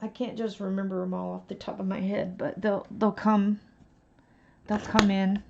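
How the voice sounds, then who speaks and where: A woman's voice: medium pitch, little pitch movement, normal speed, creaky, dull audio, slight background noise. A woman chatting casually on an art live stream, rambling and thinking aloud as she colors. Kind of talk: casual chat while coloring.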